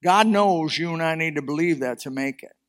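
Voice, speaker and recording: Preacher guy, high voice, fiery sermon that swells then goes quiet. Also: a little fast. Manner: impassioned preaching, rising and falling in force. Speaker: pastor.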